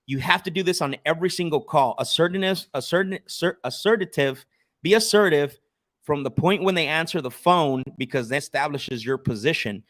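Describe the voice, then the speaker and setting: A man's voice: medium pitch, fairly bright tone, no room sound, clean studio sound. A man coaching sales on a live stream, making cold calls and explaining them in an assertive teaching tone, often restarting his sentences.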